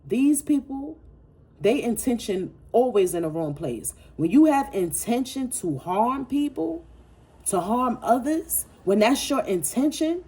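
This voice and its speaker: Warm, husky woman reading tarot. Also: fairly high pitch, sing-song, a little slow. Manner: emphatic, preachy, repeats phrases for effect; profane and blunt. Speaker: tarot reader. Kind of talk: casual spiritual tarot reading.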